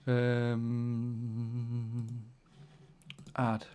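A man's voice: mid-range voice, moderate pace. A man hosting a casual podcast chat at a computer, joking and self-mocking as he mutters his way through a call setup. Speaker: podcast host. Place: indoors at a computer, recording a call.

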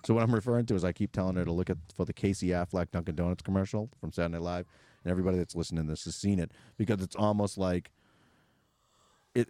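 A man with a thick Boston accent hosts a casual podcast, joking and rambling as he cuts himself off mid-thought. His voice sits low and mellow, and he talks quickly. The sound is dry and close. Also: no room sound. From Boston area. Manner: joking, rambling, self-interrupting. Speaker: podcast host. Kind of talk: casual chat.

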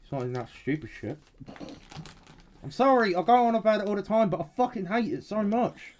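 A man co-hosting a podcast, expressive and sweary in casual chat. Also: sits high, fairly quick. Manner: expressive, swears freely, blurts exclamations. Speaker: podcast co-host.

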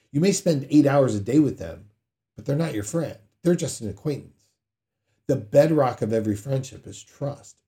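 A man's voice: medium pitch, dark tone. A man preaching a sermon in a conversational way, acting out prayers with sudden dramatic outbursts. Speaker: pastor.

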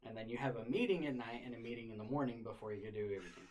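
A young man, a podcast guest, telling stories in a relaxed, profane, casual way, often laughing. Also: mid-range voice, rapid-fire, a loud crowd. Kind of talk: casual storytelling chat.

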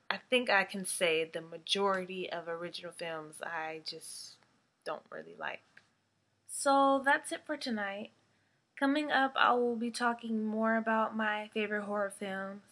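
A woman's voice: medium pitch, sharp tone. A young adult woman hosting her own podcast, talking casually and chattily, swearing now and then and laughing often. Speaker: podcast host. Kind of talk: casual solo podcast talk.

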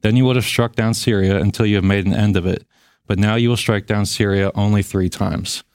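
Low-voiced man retelling scripture. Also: steady tone, a little mellow, clear, resonant tone, no room sound. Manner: measured, retells and reads scripture. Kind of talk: Bible study discussion.

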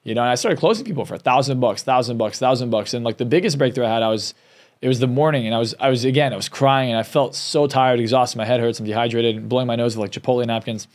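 Fast-talking man telling a personal story. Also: mid-range voice. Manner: candid, emotional, with frequent restarts. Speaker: success coach and hypnotist guest. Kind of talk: personal storytelling in a podcast interview.

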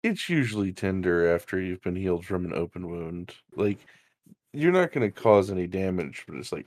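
A man's voice: low-pitched, very animated, moderate pace, darkish tone, no echo, clean studio sound. A man running a tabletop game as game master, casually explaining and describing scenes.

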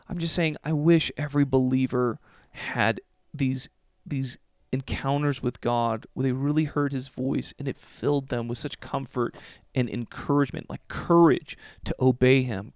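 A man's voice: mid-range voice, no room sound, clean studio sound. A man, perhaps in his thirties, hosting a solo faith podcast alone in a room, talking earnestly and emotionally with many fillers and checks like "okay?". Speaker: podcast host.

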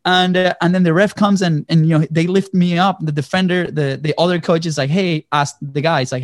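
An animated man from Venezuela tells a story in a conversation, checking in with his listener and acting out the quotes. His voice sits fairly high for a man. The sound is dry and close. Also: brisk, few pauses, dry recording. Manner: animated storyteller, acts out quotes, frequent "right?". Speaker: guest.

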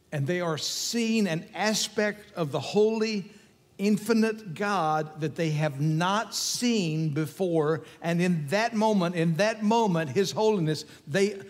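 Emphatic preacher man, higher voice, long reverb. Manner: emphatic, repetitive preaching with rising intensity. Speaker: pastor. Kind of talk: sermon.

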